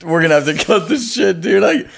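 A young man co-hosting a rowdy podcast, cursing and laughing his way through a bout of hiccups. His gravelly voice sits a little high and swings widely in pitch. He talks in a slow, lazy drawl. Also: sing-song, slight background noise. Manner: swearing, laughing, crude. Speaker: podcast co-host. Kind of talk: casual podcast banter.

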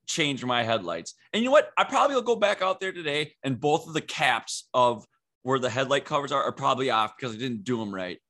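A man's voice: medium pitch, expressive, a little fast, bright, forceful tone. A young man co-hosting a podcast, ranting animatedly and swearing in casual chat. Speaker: podcast co-host.

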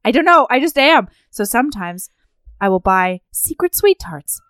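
Teasing, giggly high-voiced young woman. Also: big pitch swings, normal speed, fairly bright tone, smooth, dry recording. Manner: teasing, giggly, playfully contrary. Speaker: podcast co-host. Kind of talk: casual chat.

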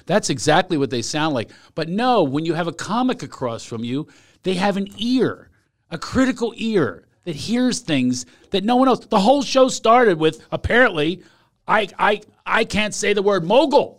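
A man hosting a casual comedy podcast, joking and teasing his guest with animated banter. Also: high-pitched, moderate pace. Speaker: podcast host.

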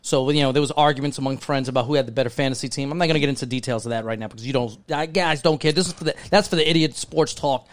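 A young man hosting a casual podcast, jokey and quick to argue with his co-host. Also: mid-range voice. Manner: excitable, argumentative, jokey.

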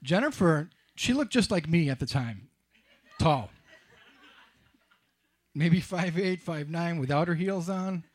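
A middle-aged man telling a wry, self-mocking personal story on stage, with halting restarts. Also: on the high side, expressive. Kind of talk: live storytelling.

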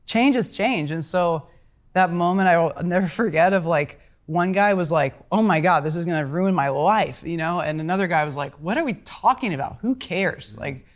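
A woman's voice: lowish voice, normal speed. A woman guest on a podcast telling a story casually and animatedly, acting out the people she quotes.

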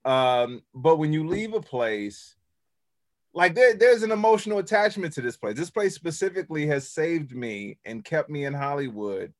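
A man hosting a casual podcast, talking in a rambling way with many restarts and quieter reflective stretches. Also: animated, moderate pace. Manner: rambling, restarts often, drops to low tones for reflection. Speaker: podcast host. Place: Hollywood.

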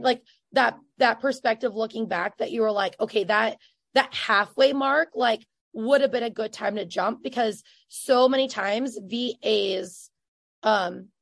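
A woman in her thirties hosting a casual podcast interview, chatty and effusive, with lots of fillers and quick bursts of speech. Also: fairly high pitch, dry recording. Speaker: podcast host and business coach.

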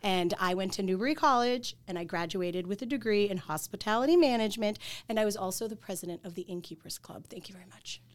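A woman's voice: medium pitch, quick pace, few pauses. Boston lady on a podcast, middle-aged, chatty, lots of "like" and "you know". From Boston area. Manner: chatty, laughs easily, many fillers. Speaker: insurance agency owner, guest. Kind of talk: casual podcast chat.

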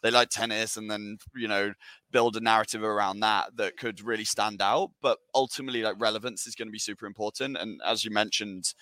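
A man hosting a casual panel discussion, energetic and chatty, with many fillers and restarts. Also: on the low side, no echo. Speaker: webinar host.

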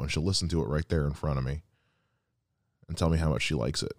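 Rumbling low and steady, the voice moves fast with no echo. It belongs to a man in his thirties giving a heartfelt solo podcast monologue, earnest and reflective, about a person close to him, with quoted asides along the way.

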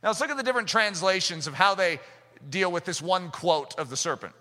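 A man preaching a sermon with fervor, rising to shouts and mimicking the voices of doubters. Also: high-pitched, brisk. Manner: impassioned, rising to shouts, acting out skeptics' voices. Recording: long reverb of a large hall.

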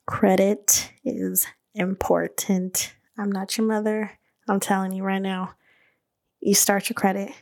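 A woman hosting a podcast, telling her own story in a casual, animated way. She fills her talk with "like", laughs often and swears freely. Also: medium pitch, slow pace, gravelly. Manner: chatty and animated, many "like" fillers, laughs. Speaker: podcast host and beauty business owner.

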